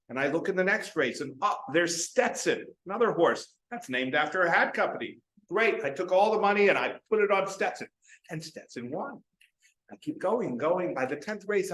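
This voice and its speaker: Man giving a humorous club speech, lively pitch, a bit high, echoey room. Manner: animated joke-telling with quoted voices. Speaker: club speaker. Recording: roomy echo.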